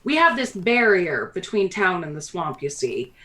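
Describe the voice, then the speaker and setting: A woman's voice: fairly low pitch, big pitch swings, moderate pace. A woman voicing a kindly, fretful middle-aged female dwarf mayor who speaks in a motherly, hesitant way. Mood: somber. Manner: motherly, hesitant, hushed when delivering bad news.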